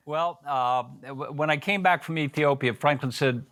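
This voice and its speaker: A man's voice: on the high side, normal speed, a bit bright, dry recording, clean studio sound. An older man, a guest on a podcast, telling a long personal story in a folksy way and acting out what people said. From Southern United States. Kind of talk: storytelling interview.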